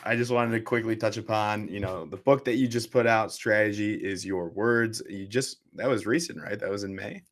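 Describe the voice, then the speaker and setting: A young man hosting a podcast, asking questions in a relaxed, casual way with frequent filler words. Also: on the low side, normal speed, hardly any pauses. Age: young adult. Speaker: podcast host. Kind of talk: casual interview chat.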